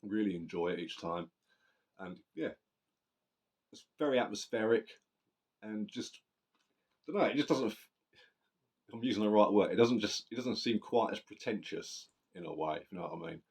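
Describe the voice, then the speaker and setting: A man with a very low voice reviews a metal record in loose, rambling chat. He swears freely and keeps restarting his sentences. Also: expressive, moderate pace, pauses often. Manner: rambling, sweary, self-correcting. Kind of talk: casual spoken album review.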